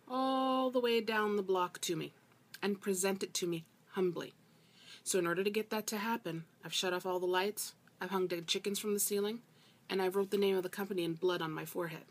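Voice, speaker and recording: A woman's voice: mid-range voice, close to an everyday voice. A woman voicing an absurdly demanding male customer on the phone, stating outrageous demands in a matter-of-fact way.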